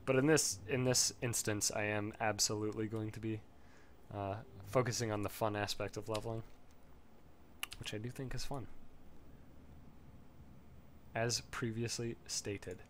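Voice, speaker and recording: A man's voice: lowish voice, fairly even intonation, unhurried, long pauses, a little hiss or hum. Rambling, foul-mouthed man gaming. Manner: rambling, swears freely, laughs often. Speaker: gamer leveling a character. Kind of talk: casual gameplay commentary.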